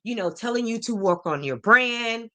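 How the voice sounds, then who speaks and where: A woman's voice: a little high, lively intonation, moderate pace, bright, forceful tone. A woman hosting a celebrity gossip podcast, sassy and opinionated, talking straight to her viewers. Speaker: podcast host.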